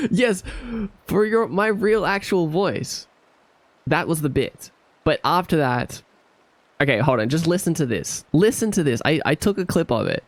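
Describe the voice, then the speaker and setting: A man's voice: on the high side, lively intonation, a little slow, long pauses, no room sound. A man streaming, chatting casually and animatedly, laughing often and sounding incredulous.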